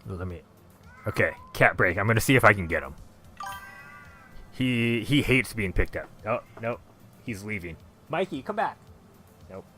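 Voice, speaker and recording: A man's voice: on the low side, moderate pace, pauses often, sharp tone, soft background music. A man chatting casually and rambling while he paints live, now and then cooing at his cat. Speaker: digital artist streaming.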